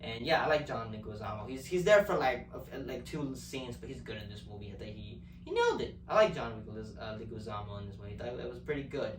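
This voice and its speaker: A man's voice: mid-range voice, lively intonation, fast talker, hardly any pauses, distant mic, crowd noise. Rambling profane man in an echoey room. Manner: rambling, profane, repeats words while searching for phrasing. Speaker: movie reviewer. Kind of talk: casual spoken movie review.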